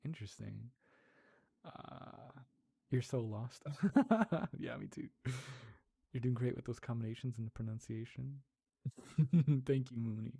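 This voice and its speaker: A man's voice: medium pitch, slow pace, vocal fry, long pauses, mellow, breathy edge, dry recording, studio quality. A man from Europe hosting a casual livestream, chatting with viewers, laughing often and sounding out Portuguese words. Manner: chatty, laughs often, answers chat while practicing Portuguese aloud. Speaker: livestream host and ASMR creator.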